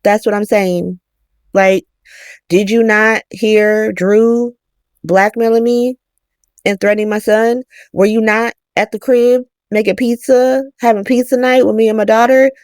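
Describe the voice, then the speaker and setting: Woman doing a profane mob boss, pushy and streetwise, pitched a bit higher than her own voice, dry sound. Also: fairly even intonation, measured pace, darkish tone, dry recording, lightly acted. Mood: insistent. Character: blunt middle-aged male mob boss, defensive.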